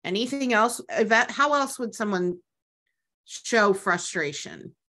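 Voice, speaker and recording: A woman's voice: medium pitch, lively intonation, a little slow, sharp tone. A woman co-leading an online parent workshop, asking the group questions and explaining. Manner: guiding, asks questions of the group. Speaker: workshop co-facilitator.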